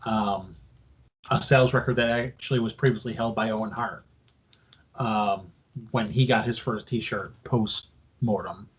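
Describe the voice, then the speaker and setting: A man's voice: lowish voice, steady tone, unhurried, husky. A man co-hosting a casual wrestling podcast, explaining news at length in a loose, profane way. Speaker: podcast co-host.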